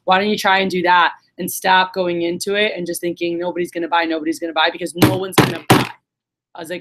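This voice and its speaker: A woman's voice: on the low side, lively intonation, quick pace, background noise. A woman giving a casual, swearing motivational talk to her sales team, acting out the voices in her stories. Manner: casual storytelling, acts out quotes, swears.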